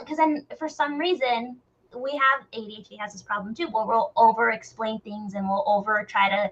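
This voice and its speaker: A woman in a candid group discussion, talking bluntly and animatedly and questioning herself out loud. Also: a little high, fairly even intonation, moderate pace, muffled recording.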